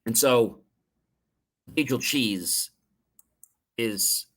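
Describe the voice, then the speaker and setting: A man's voice: medium pitch, very slow, fairly bright tone, slightly rough. A man hosting a livestream, giving a motivational talk about asking good questions and acting out short dialogues playfully. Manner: playful, lingers on words, acts out dialogue. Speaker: livestream host. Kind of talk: motivational talk with acted examples.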